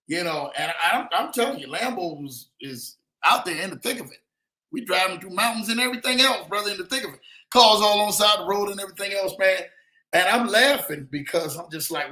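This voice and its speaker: Male livestream host, bright and high-pitched, energetic shout-out style, roomy echo. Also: a little fast. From lives in Denver. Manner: hype, repetitive "man" and "in the building". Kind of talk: casual livestream chat with shout-outs.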